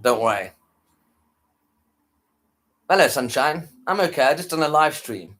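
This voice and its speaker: A worn-out man talks loosely to his viewers after a long live stream. His voice sits a little high for a man, and he rambles, repeats phrases and lets sentences trail away. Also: expressive, unhurried, fairly bright tone. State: tired, worn out.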